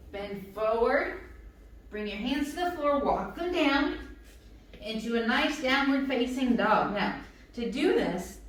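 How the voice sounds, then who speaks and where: A woman's voice: fairly high pitch, distant mic. A woman leading a guided yoga class for children and their adults, giving encouraging, playful instructions. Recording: echoey room, voice from off-mic.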